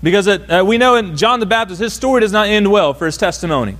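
A man preaching a sermon, emphatic and repetitive, asking rhetorical questions and dropping low and quiet on key lines. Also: expressive, fast. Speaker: pastor.

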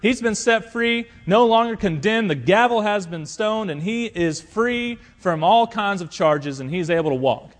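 Man preaching, emphatic, somewhat high-pitched, loud and soft by turns. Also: animated, measured pace, hardly any pauses. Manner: emphatic preaching, swings between loud appeals and quiet asides. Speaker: pastor. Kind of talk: sermon.

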